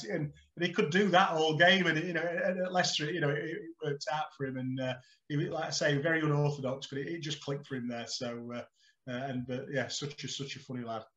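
A middle-aged man, a guest on a podcast, telling animated anecdotes and acting out the dialogue with frequent laughter. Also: on the high side, fast, muffled recording. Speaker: guest, former footballer. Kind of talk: casual podcast storytelling.

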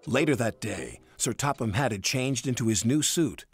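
A man reading a storybook tale aloud as narrator, with expressive delivery. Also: mid-range voice, normal speed, hardly any pauses, soft background music.

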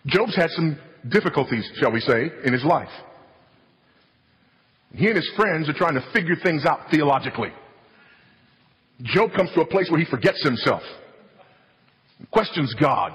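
A man's voice: medium pitch, lively intonation, unhurried, pauses often, fairly bright tone. Man preaching emphatically in a reverberant hall. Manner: emphatic, repetitive preaching with falling, solemn stresses. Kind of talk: sermon.

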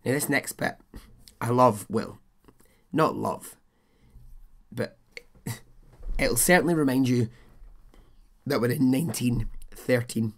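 A man's voice: medium pitch, slow, long pauses, a bit bright. A man hosting a podcast, telling a true-crime story in a chatty, blunt way, swearing and adding his own asides. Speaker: podcast host.

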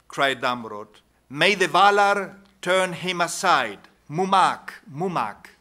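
Slow, bright-toned male lecturer. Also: fairly high pitch. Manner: unhurried, pauses with "no?" tags and restarts. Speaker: conference speaker. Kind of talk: academic conference talk.

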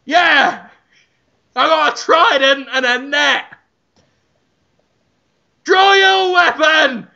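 A man putting on a brash, abrasive, swearing celebrity chef who shouts challenges as a gladiator. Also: high voice, animated, a little slow, dull audio, full character voice. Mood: bellowing challenge.

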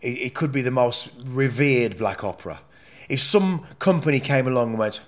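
Brisk and expressive, a mid-range male voice tells a personal story on a podcast as a guest, blunt, candid and emotional, swearing often and drifting into rambling asides.

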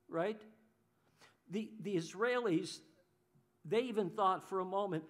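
High-voiced, animated preaching man. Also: normal speed. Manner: animated preaching, voices the crowd in quotes, repeats words. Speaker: pastor. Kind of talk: sermon.

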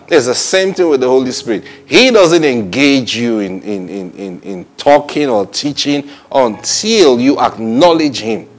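A man teaching the Bible in a lively sermon style, repeating phrases and praising God between points. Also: mid-range voice. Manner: animated and repetitive, often saying "praise God" with short laughs.

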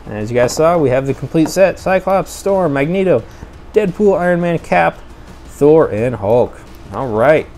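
A man casually reviewing toy cars for a video, chatty and enthusiastic, thinking out loud as he goes. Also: fairly high pitch, expressive, moderate pace, soft background music.

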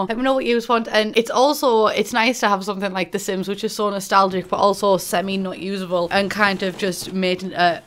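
A woman's voice: mid-range voice, slight background noise. A young woman with a Middlesbrough accent chatting casually and swearing as she plays a game, often giggling and mocking herself. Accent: Middlesbrough English. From England. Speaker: gaming YouTuber. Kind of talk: casual gameplay commentary.

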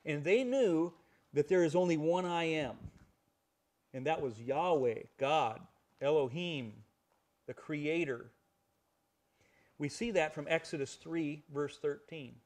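A man's voice: a little high, slow, pauses often, darkish tone. A man teaching a Bible study. He explains the passages, reads scripture aloud and asks rhetorical questions.

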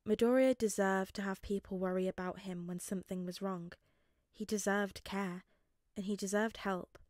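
Woman gently narrating a fanfic audiobook. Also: mid-range voice, fairly even intonation, no room sound, studio quality. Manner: gentle, measured reading. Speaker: podfic reader.

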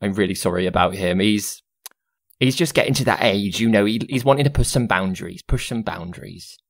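A man's voice: lowish voice, a little fast, gravelly. A man voicing a chatty, motherly female housekeeper, fussy and familiar. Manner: fussy, familiar, calls people darling.

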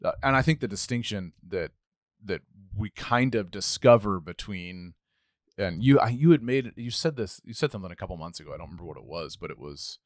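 A man's voice: low voice, animated, brisk, dry recording, studio quality. A middle-aged man co-hosting a casual talk, thinking aloud with many restarts. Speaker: podcast co-host, pastor. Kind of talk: casual conversation.

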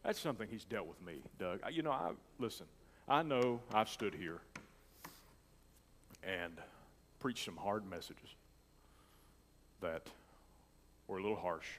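A man pastor preaching a sermon with great emotion, moving between loud declarations and soft, near-whispered lines. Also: sits low, expressive, unhurried, long pauses, long reverb tail.

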